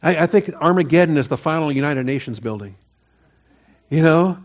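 A man's voice: fairly high pitch, lively intonation, quick pace, highs cut off. Man preaching a conversational sermon. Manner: conversational, rising to emphatic mock-quoting. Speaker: pastor. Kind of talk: expository sermon.

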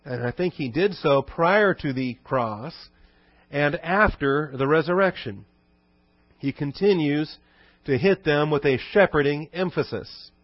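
A man preaching an expository sermon to his congregation, teaching conversationally and reading scripture quotes slowly and low. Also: no room sound. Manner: conversational teaching with rhetorical questions. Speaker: pastor. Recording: dull dry recording.

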